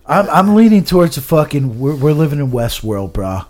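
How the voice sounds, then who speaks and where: A man rants through a loose podcast conversation, cursing in nearly every sentence and tripping over his words. His pitch leaps around with lively, animated inflection. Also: normal speed. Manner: profane, ranting, stumbling restarts. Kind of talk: casual podcast chat.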